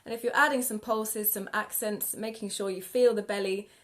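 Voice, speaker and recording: A woman singing teacher guiding a live vocal warm-up lesson with gentle, encouraging instructions. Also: medium pitch, fairly even intonation, normal speed, heavy background noise. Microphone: live video stream.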